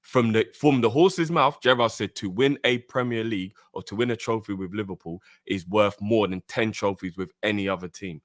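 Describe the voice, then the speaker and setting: A man's voice: lowish voice, normal speed, hardly any pauses, dry recording, clean studio sound. A man co-hosting a fan talk show, arguing heatedly and repeating his points insistently. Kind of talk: heated debate, arguing the club's side.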